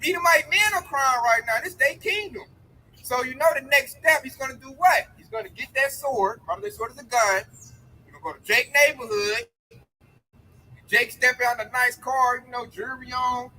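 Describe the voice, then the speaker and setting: A man's voice: extremely high pitch, moderate pace, bright, forceful tone, poor audio. A man preaching outdoors by a road, telling stories animatedly with profanity in casual chat. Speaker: street preacher.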